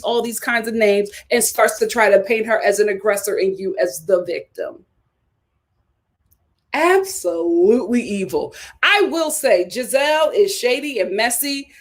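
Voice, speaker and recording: A woman hosting a live review of a reality show, talking with animated, indignant energy and piling up rhetorical questions. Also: on the high side, a little slow. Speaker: reality TV recap host.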